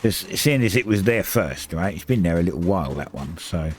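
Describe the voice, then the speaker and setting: Low-voiced man commentating his gameplay. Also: expressive, brisk, a little mellow. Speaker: game streamer. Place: home streaming setup.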